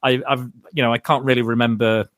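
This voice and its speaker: A man's voice: mid-range voice, flat delivery, quick pace, fairly bright tone, no echo. Male podcast host, mid voice, dry close sound, rambling casual delivery. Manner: rambling, many restarts and fillers. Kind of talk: casual film discussion.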